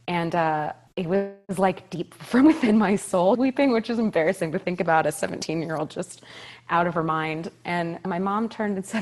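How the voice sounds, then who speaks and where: This is a young woman in her twenties recounting her story in a casual podcast interview. Her voice sits slightly low, and she tells it with animated emphasis, stacking repeated phrases and laughing often along the way. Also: moderate pace. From California. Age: 20s. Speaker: Broadway actress, guest.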